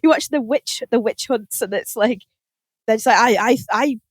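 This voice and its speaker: Laughing British woman, high-pitched and dry. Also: normal speed, dry recording. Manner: laughs often, swears casually, animated storytelling. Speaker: podcast host. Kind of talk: casual chat.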